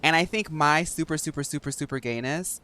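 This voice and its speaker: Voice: mid-range voice, brisk, pushed and bright. Chatty rambling streamer. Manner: rambling, chatty, many fillers. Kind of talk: casual chat while gaming.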